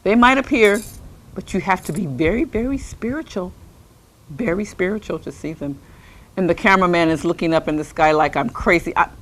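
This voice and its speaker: A woman's voice: brisk, close to an everyday voice. A woman playing an eccentric, scatterbrained older lady in a comedic monologue, rambling and chatting with invisible companions. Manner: lively, swooping pitch.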